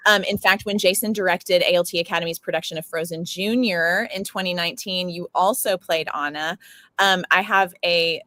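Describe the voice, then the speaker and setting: A woman's voice: on the low side, fairly even intonation, normal speed, sharp tone, dry recording. A woman hosting a talk show and interview, gushing and effusive as she speaks. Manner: effusive and gushing, easily choked up. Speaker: show host.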